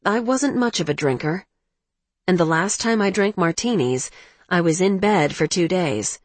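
A woman narrating a first-person romance audiobook in a measured, emotional way. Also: on the low side, no echo.

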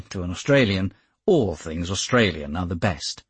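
A man reads a first-person novel in a measured, wry manner. His voice is low and husky, with lively rises and falls in pitch. The recording is close and dry. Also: no echo. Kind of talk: first-person audiobook narration.

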